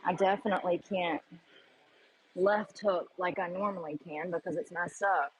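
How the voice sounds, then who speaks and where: Speaking to her camera in a public gym, a woman vlogger explains her workout in chatty, casual, blunt and profane terms. Her voice is on the low side, husky and steady, at normal speed, and the audio quality is poor.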